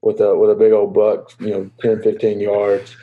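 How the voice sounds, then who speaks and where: A young man answering interview questions in an easygoing, halting way with many fillers. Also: fairly low pitch, monotone, phone-quality sound. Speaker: guest, professional baseball player.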